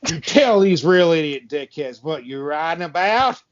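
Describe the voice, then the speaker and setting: A man's voice: on the high side, animated, normal speed, no echo, muffled recording. A man hosting a horror comedy podcast from his barn, rambling casually with lots of fillers and laughs. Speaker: podcast host. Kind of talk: casual chat. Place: his barn with the door open and a fan on.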